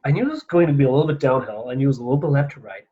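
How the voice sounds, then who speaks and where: A man briefly impersonating a famous golfer, calmly recounting a putt in a matter-of-fact way over muffled, lo-fi audio. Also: medium pitch, rapid-fire, natural voice. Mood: calm recall.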